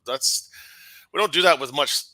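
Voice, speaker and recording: Bright, dry-voiced man talking about refereeing. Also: a little high, dry recording, poor audio. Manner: halting, many restarts and fillers. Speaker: hockey referee guest. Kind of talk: casual podcast conversation.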